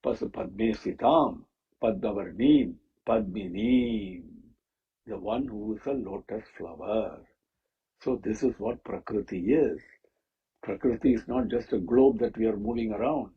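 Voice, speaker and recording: A man teaching the meaning of a Sanskrit hymn, pausing often with fillers and restarts. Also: lowish voice, slightly rough, narrow, tinny audio. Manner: halting, with many fillers and restarts. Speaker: scripture teacher. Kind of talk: explaining a Sanskrit hymn with stories.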